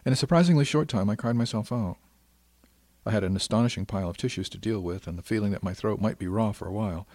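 A man reading a first-person science fiction story in a measured, reflective way. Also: lowish voice, a little mellow, dry recording. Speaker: audiobook narrator. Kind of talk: scripted first-person narration.

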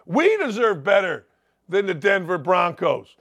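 A man's voice: high voice, big pitch swings, measured pace, a bit bright, muffled recording. An older man hosting a sports talk show, delivering a brash, sarcastic, opinionated monologue with big swings in his voice.

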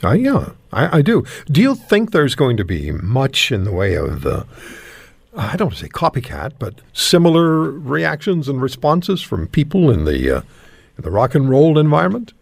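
Gravelly-voiced male radio host. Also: mid-range voice, wildly swooping pitch, moderate pace, dry recording. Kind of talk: radio interview.

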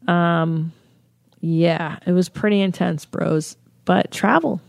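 A woman's voice: lowish voice, fairly even intonation, slow pace, vocal fry, dry recording, studio quality. A young woman comedian telling a travel story with lots of swearing and self-mocking jokes. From United States. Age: young adult. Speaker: comedian and podcast host. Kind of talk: comic storytelling.

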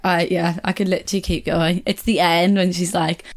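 Chatty young woman, lowish voice. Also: level tone, fairly quick. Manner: rambling, chatty, corrects herself, laughs often. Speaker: podcast host. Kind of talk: casual solo podcast chat.

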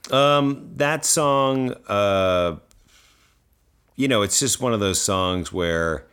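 A man co-hosting a casual podcast chat, relaxed and agreeable, mostly giving short replies. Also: on the low side, drawn-out words, clear, resonant tone. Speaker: podcast co-host.

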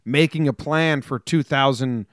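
A man co-hosting a podcast, chatting casually with quick asides. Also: medium pitch, a bit bright, no echo, studio quality. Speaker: podcast co-host.

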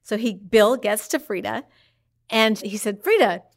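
Animated woman telling a story. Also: medium pitch, a little slow. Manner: animated, acts out quoted speech. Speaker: interviewee telling her mother's story. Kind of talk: casual storytelling.

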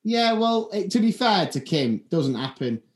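A man's voice: sits high, sing-song, measured pace, crowd noise. A man co-hosting a podcast, rambling through funny anecdotes with lots of restarts. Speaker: podcast co-host. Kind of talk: casual chat. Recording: roomy echo.

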